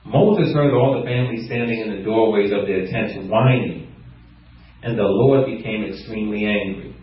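Preacher in an echoey hall. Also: male voice, normal speed. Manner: laughs often, animated rises in pitch when stressing points; reads scripture aloud in a lower, steadier voice. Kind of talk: sermon. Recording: echoey hall, far from mic, dull sound.

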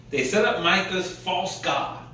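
A high-voiced man preaches a sermon and retells scripture in plain, colloquial words. His voice rings through a very echoey church, picked up from a distance. A faint hum of noise sits underneath. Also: lively intonation, takes it slowly, bright, forceful tone.

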